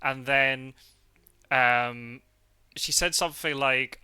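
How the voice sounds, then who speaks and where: A man's voice: mid-range voice, moderate pace, gravelly, sharp tone, dry recording. A man with a Scottish accent hosting a casual chat, rambling with lots of fillers and self-corrections. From Scotland. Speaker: podcast host.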